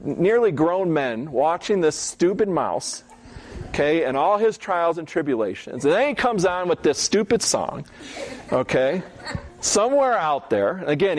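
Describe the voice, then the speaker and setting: A man giving a Bible teaching talk, telling stories in a relaxed, conversational way and often checking in with "okay?". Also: on the high side.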